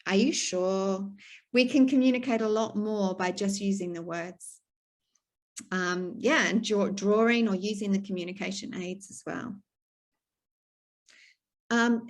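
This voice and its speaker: With a mid-range, somewhat dark voice, a middle-aged New Zealander, a speech pathologist, addresses a stroke support group online via video call. She keeps it practical and plain, using fillers and restarting sentences.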